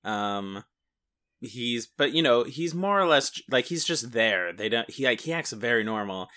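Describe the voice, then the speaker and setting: Man, bright crisp timbre, laid-back film chat, hesitant, casual swearing. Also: mid-range voice, animated, normal speed. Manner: easygoing, hesitant with fillers, swears, laughs at himself.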